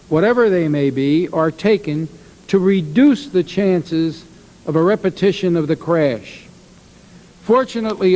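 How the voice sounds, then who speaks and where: Congressman guy at a hearing, kinda high voice, lots of uhs, formal statement. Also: darkish tone. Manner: halting, with many uhs. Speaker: ranking minority member of congress.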